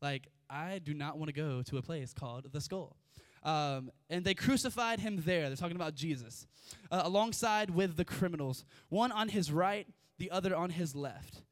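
Casual young male preacher, smooth voice. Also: a little high, normal speed, few pauses, no echo, studio quality. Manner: informal, chatty asides amid scripture reading. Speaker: youth preacher. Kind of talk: casual sermon.

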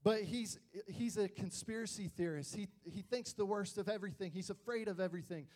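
A high-pitched young man talks fairly quickly while preaching to youth. This youth pastor recounts his own family stories with energy, voicing each person he quotes.

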